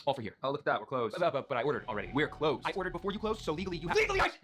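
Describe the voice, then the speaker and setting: A man's voice: fairly high pitch, very animated, rapid-fire, a bit bright, slight background noise. A young man acting out coffee shop sketch comedy, trading snappy, sarcastic lines between rude staff and difficult customers. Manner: snappy, sarcastic back-and-forth.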